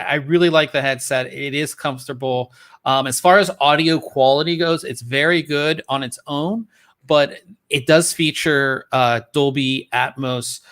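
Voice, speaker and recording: A man hosting a casual tech podcast, talking in a relaxed, rambling way with frequent ums and restarts, recorded on a studio podcast microphone. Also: medium pitch. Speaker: podcast host.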